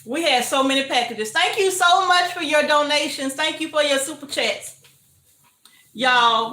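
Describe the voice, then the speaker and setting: This homestead livestream host, an older woman, keeps up a relaxed chat from her echo-filled kitchen, saying hello to viewers warmly and breaking into laughter often. She speaks slowly and easily, her voice pitched high and bright.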